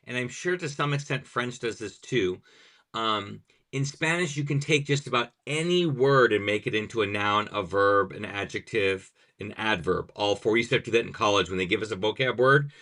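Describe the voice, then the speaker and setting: A man's voice: lowish voice, moderate pace, sharp tone. A man hosting a podcast who is also a language teacher, explaining grammar examples step by step in conversation.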